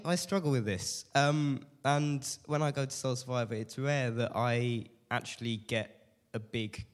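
A young man in his late teens talks through a head cold, sharing a personal testimony with a church group. He is hesitant and self-deprecating, with a middle-pitched voice and lots of fillers. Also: in a large hall. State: has a cold. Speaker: speaker giving a testimony.

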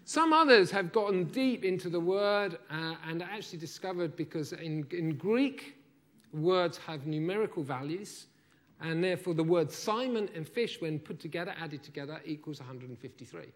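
A man delivering a sermon in a voice a little higher than most men's. He tells the story with animated emphasis, acting out the characters' lines and turning to the congregation with questions. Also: normal speed. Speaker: preacher.

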